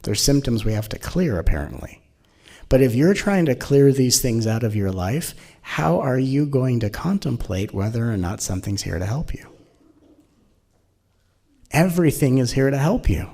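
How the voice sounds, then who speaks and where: A man giving an animated, playful spiritual talk as a teacher, often slipping into mocking voices. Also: mid-range voice, moderate pace, gravelly.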